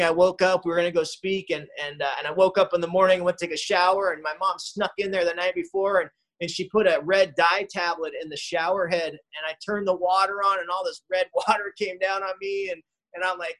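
A man's voice: high voice, fairly bright tone, low-quality recording. A man in his forties speaking at a recovery meeting, telling a personal story in a rambling, conversational way with many restarts. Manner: rambling, conversational, frequent restarts and "you know".

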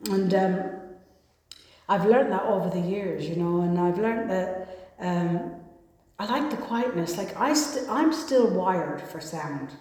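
A woman's voice: on the low side, mellow. A woman giving a rambling, self-mocking personal talk about recovery to an audience, with many restarts. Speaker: recovery meeting speaker. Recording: echoey hall.

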